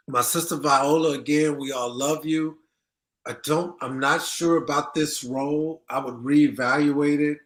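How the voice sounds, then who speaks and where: A man's voice: a little high, fairly bright tone. A man hosting a casual news commentary show, talking in a conversational, emphatic way and often repeating himself. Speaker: host.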